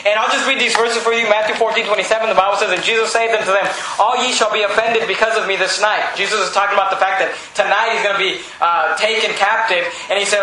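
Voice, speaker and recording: A man preaching a sermon with fervor, rising to shouts and reading scripture aloud. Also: high-pitched, steady tone, fast, hardly any pauses, heavy reverb, crowd noise, rough recording. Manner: fervent preaching, rises to shouts, reads scripture in old English.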